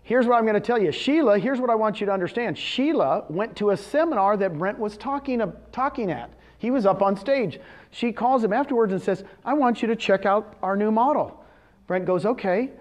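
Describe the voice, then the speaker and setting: A man giving a motivational seminar talk in front of a live audience, animated, asking the audience questions and answering them himself. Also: sits high, normal speed. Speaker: presenter at a real estate seminar.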